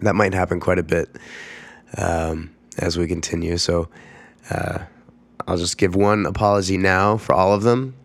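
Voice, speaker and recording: A man's voice: sits low, fairly even intonation, normal speed, no echo. A young man rambling casually through a solo podcast, congested and coughing as he gets over a cold. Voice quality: rough, congested voice. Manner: rambling, many fillers and restarts. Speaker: podcast host.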